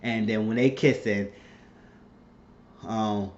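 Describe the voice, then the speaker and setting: A man casually recapping a TV drama episode, animated and profane, acting out what the characters say. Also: on the low side, slow pace, lo-fi sound. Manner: animated retelling, frequent cursing, acts out characters' lines. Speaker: TV episode reviewer.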